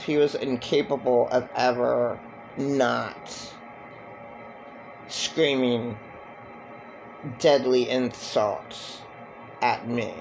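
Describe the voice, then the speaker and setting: A man giving a halting, rambling personal monologue with many fillers and restarts. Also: medium pitch, vocal fry, rough recording. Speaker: vlogger.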